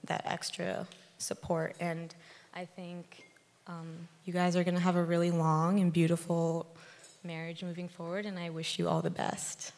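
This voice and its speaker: A woman's voice: on the low side, level tone, normal speed, a little mellow. A young woman from the bride's family giving a casual wedding toast, with many likes and ums, in a reception hall. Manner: casual, filler-heavy with frequent likes. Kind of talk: wedding speech. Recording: reverberant hall.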